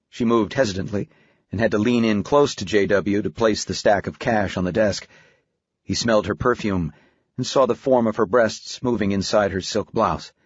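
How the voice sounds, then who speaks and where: A man narrating an audiobook in a steady, even storytelling manner. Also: lowish voice, slightly rough, no echo. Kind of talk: scripted narration. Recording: dry, slightly dull studio audio.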